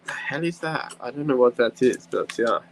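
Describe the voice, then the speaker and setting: A man's voice: medium pitch, normal speed, slight background noise, low-quality recording. A man hosting a casual craft live stream, chatting in a rambling way and reading viewer comments aloud.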